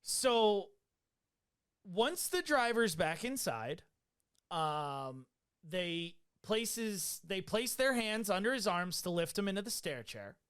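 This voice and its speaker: A man's voice: sits high, sing-song, slow, a bit bright, clear, resonant tone. A man hosting a podcast, casually recounting a medical call in a loose, profane way with many fillers. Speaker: podcast host.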